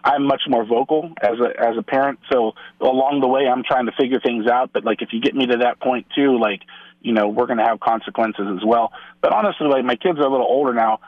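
A man's voice: mid-range voice, a little fast, dry recording. Middle-aged male radio guest, casual storyteller, voice slightly muffled and dry. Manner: storytelling, acts out quoted dialogue, many restarts. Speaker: guest on a Catholic radio show. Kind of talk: casual radio interview talk.

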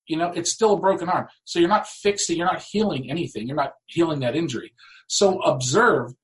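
A man telling stories as a guest author in a talk show, animated and acting out the people he quotes. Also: fairly high pitch, brisk, rough recording. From United States. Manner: animated, acts out quoted voices.

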